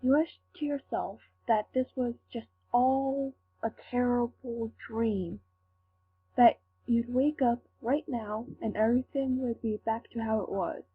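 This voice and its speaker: A woman reading fan fiction aloud, slowly and carefully. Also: fairly high pitch, breathy edge. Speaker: fanfic reader. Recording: tinny lo-fi with faint hum.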